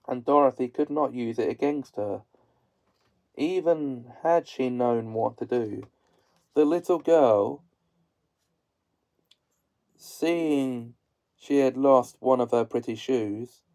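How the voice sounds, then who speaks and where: Slow, measured male storyteller. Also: medium pitch, darkish tone, low-quality recording. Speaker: narrator. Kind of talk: audiobook-style reading.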